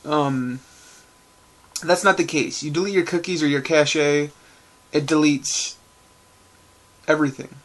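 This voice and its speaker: A man's voice: a little high, fairly even intonation, unhurried, pauses often. Rambling casual young vlogger man. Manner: rambling, loose and profane, many fillers. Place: at home indoors.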